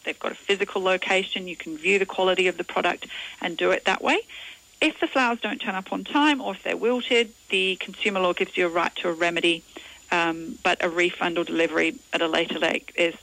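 Brisk woman giving consumer advice. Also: lowish voice, creaky, a bit bright, poor audio. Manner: brisk, practical, advising. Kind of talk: radio interview.

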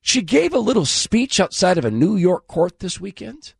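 A hoarse man runs his commentary show in a sarcastic, scornful tone, his voice lifted a bit high and swinging widely up and down. The sound is dry and close, with no room around him. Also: very animated, normal speed, no echo. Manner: mocking, scornful. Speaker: political commentary host.

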